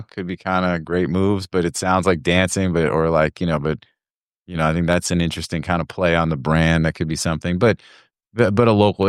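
A man's voice: deep voice, smooth, no echo, studio quality. A man hosting a casual podcast chat, rambling with lots of fillers and easy laughs.

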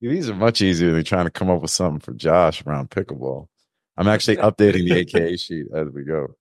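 A laid-back man hosting a chat over a video call, joking and rambling with slang and fillers. His voice sits a little low and sounds dry and close. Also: expressive, quick pace, no room sound. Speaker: podcast host. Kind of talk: casual chat. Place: Florida.

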